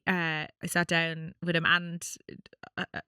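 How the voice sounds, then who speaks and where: An Irish woman co-hosting a podcast, telling a story in lively, casual chat, swearing and using lots of fillers. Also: on the low side, unhurried, clean tone, no echo, clean studio sound. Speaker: podcast co-host.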